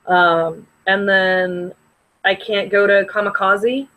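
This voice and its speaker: A woman's voice: mid-range voice, fairly even intonation, takes it slowly, a bit bright, low-quality recording. A young woman co-hosting a podcast, rambling in casual chat with many fillers. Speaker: podcast co-host.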